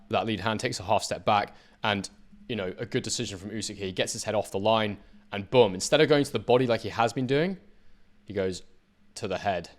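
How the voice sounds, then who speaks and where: A man analysing boxing footage, speaking emphatically and addressing his viewers directly. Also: fairly low pitch. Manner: emphatic, talks straight to viewers. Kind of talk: talking over fight footage.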